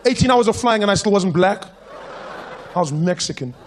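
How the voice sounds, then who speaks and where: A South African man doing stand-up comedy, telling stories in an animated, playful way. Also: high-pitched, a little fast, heavy background noise.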